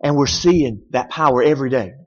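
A pastor delivers a sermon in an emphatic, conversational style, often putting rhetorical questions to the congregation. His voice is mid-range, a little mellow and fairly quick. The sound is dull and the hall reverberant.

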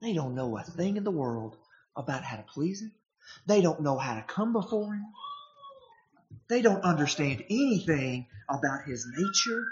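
A preacher giving a sermon in a conversational, animated manner, often restarting phrases and jumping up in pitch to act out the voices in the passage. The voice sits in a middle register. The recording is dull and lo-fi. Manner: animated, acts out the quoted voices in a higher pitch.

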